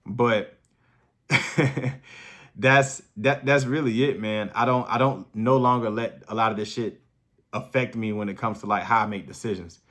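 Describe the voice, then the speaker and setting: A man's voice: lowish voice, unhurried, a bit bright. A man, talking in a blunt, profane, hyped-up way in a casual motivational vlog. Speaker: fitness vlogger.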